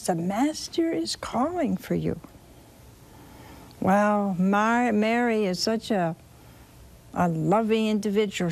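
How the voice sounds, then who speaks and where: Slow, gravelly woman preaching a sermon. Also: mid-range voice. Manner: slow, expressive storytelling with dramatic repetition.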